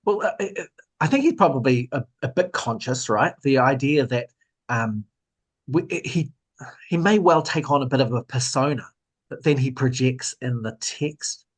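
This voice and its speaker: A man's voice: medium pitch, lively intonation, moderate pace, slightly rough. A man, a guest author in a casual discussion, explaining thoughtfully and trailing off into fillers.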